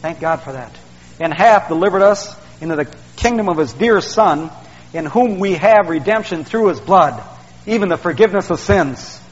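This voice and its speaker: A man's voice: high voice, animated, normal speed. A male preacher, delivering a folksy sermon that he peppers with "man" and "see". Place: church sanctuary. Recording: dull sound, long hall reverb.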